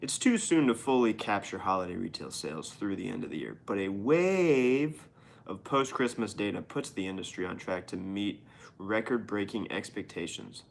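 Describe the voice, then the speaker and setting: A man's voice: deep voice, animated, fairly quick, gravelly. Profane, sarcastic man reading news. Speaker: podcast host reading the news. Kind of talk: casual news commentary.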